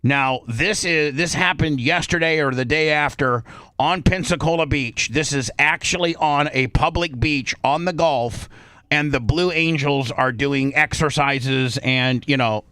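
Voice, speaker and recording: Loud-mouthed radio guy telling a story, cusses a lot, acts out the back-and-forth, dry mic. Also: a little high, measured pace, clear, resonant tone, no echo. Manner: brash, profane, acts out both sides of arguments. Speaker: radio host. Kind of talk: casual storytelling on talk radio.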